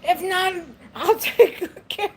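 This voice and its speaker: Brash old guy sweet-talking, pitched way up high as a lady acts him out. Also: takes it slowly, a little hiss or hum, full character voice. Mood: flirty.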